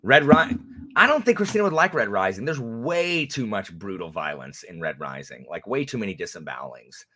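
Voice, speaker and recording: Casual co-host, young man, deep but lively voice, teasing and rambling. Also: a little fast, a little hiss or hum. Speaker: booktube co-host. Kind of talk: casual livestream chat.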